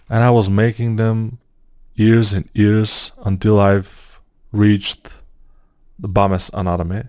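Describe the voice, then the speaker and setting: A man's voice: lowish voice, warm tone, no room sound, studio quality. A man casually giving advice about learning, repeating words as he thinks aloud with frequent fillers.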